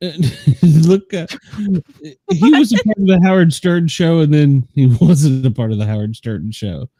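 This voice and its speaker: A man hosting a podcast who laughs often and talks in a relaxed, easygoing way. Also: on the high side, moderate pace, no echo. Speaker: podcast host. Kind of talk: casual podcast chat.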